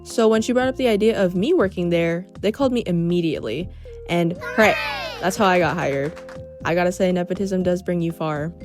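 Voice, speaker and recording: A woman's voice: on the low side, brisk. A young woman narrating a storytime vlog in a wry, sarcastic way. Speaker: vlogger. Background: faint background music.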